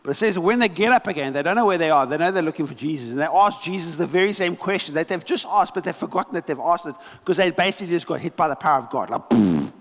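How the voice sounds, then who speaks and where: A male pastor delivers a sermon with lively, dramatic storytelling, pausing for weight on key lines. His voice sits somewhat high for a man. The sound carries a long reverb tail from a church hall. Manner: animated storytelling, dramatic pauses.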